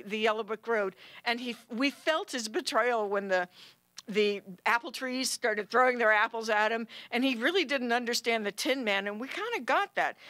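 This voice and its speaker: A woman tells a personal story on a stage, lively and expressive, slipping into the voices of the people she describes. Her voice sits at a middle pitch. The sound is close and dry. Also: dry recording. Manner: animated, acts out quoted voices. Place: stage at a film center.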